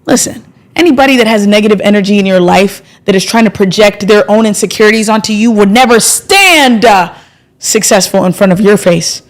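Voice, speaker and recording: Young woman who hosts a casual live trading stream. Chatty and playful, gets excited easily. Mid-range voice. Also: medium pitch, a little fast. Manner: chatty and playful, thanks subscribers, bursts of excitement. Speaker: livestream trading host.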